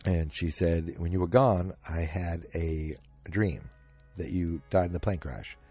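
A man's voice: low voice, measured pace, mellow, husky, faint music behind. A man hosting a solo podcast, casually retelling a TV episode scene by scene with quoted lines and plenty of ums. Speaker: podcast host recapping a TV episode.

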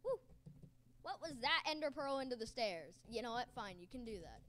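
A woman hosting a gaming channel, giving excited gameplay commentary and yelling, raging and cheering at the game. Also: on the high side, a little fast, a little hiss or hum.

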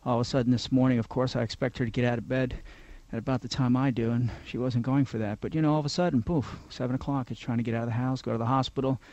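A man's voice: medium pitch, rapid-fire, hardly any pauses, dry recording, highs cut off. A man hosting a talk radio show in a studio, chatting casually and telling rambling, joking stories. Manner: rambling, joking, animated storyteller.

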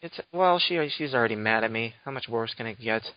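A man's voice: medium pitch, lively intonation, fairly quick, dry recording. Young guy podcast host, teasing and rambly, dry lo-fi sound. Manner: teasing, mock-offended, rambling. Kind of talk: casual banter. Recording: dull lo-fi dry audio.

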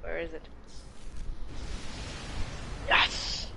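A woman chats live on a stream while playing a co-op game as a gaming partner, playful, giggly, and silly. Her voice is extremely slow with a sharp tone, and a little hiss or hum sits under the recording.

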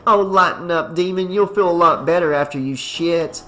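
A man voicing a playful young woman who teases and sings softly. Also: a little high, steady tone, normal speed, soft background music. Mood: teasing. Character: teasing young woman, playful backup singer.

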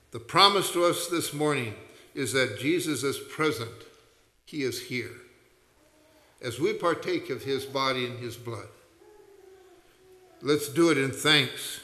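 Bright-voiced pastor in an echoey church. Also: male voice, mid-range voice. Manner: emphatic, swells to raised passionate peaks; teacherly, explains verb tenses to the congregation. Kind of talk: sermon. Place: church sanctuary. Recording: echoey church sanctuary, long reverb.

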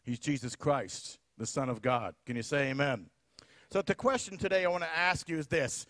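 A man's voice: a little high, moderate pace, a bit bright, no room sound. A man preaching a sermon as pastor, building emphasis and calling out for amens. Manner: preaching with rising emphasis and calls for amen.

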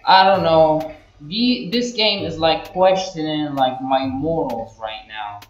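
A man's voice: a little high, takes it slowly, dull audio. Chatty gamer man, roomy echo. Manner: animated reactions, casual and chatty. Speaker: gaming YouTuber. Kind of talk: let's play commentary, reading game dialogue aloud. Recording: roomy echo with game music behind. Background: soft game music.

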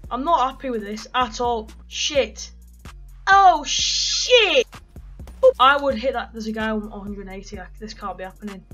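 A teenage boy talks over his gameplay in a bright, cutting, high-sitting voice. He is loud and excitable, swearing freely and yelping in pain between brags, with faint music underneath. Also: a little fast, few pauses. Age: teens. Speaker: gaming YouTuber. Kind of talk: gaming commentary.

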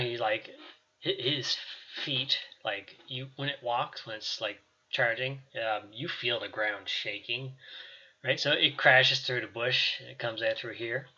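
A man's voice: mid-range voice, pushed and bright, highs cut off. A man narrating as game master of a tabletop game, talking casually and rambling, with many fillers.

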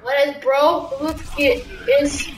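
A high-voiced woman talks slowly over her video game, breaking into excited yelps and shouts at the action. She sounds far from the mic in an echoey room, with loud game music playing behind her. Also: background noise. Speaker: gamer. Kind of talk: let's play commentary.

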